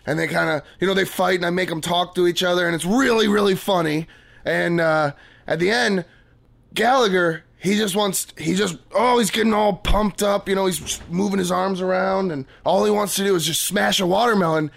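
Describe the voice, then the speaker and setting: A man playing a clueless comic, rambling and eager, high voice, gravelly fry. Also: brisk, a bit bright. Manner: rambling, eager, laughs at his own jokes. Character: clueless hack stand-up comic, young man. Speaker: guest comic. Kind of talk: comedy sketch acting. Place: radio studio.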